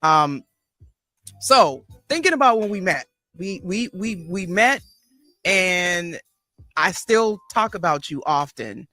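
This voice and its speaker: A woman's voice: on the low side, animated, slow pace, pushed and bright, soft background music. A woman therapist and life coach hosting a podcast, thoughtfully recalling a past conversation on a video call. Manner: reflective, thoughtful recollection. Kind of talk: casual interview conversation.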